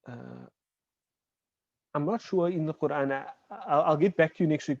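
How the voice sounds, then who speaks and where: A man teaching an online Arabic class. He explains patiently, checks in with "right?" and says example words slowly. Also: fairly high pitch, dark tone, no echo. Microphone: video call. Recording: dull, dry online call audio.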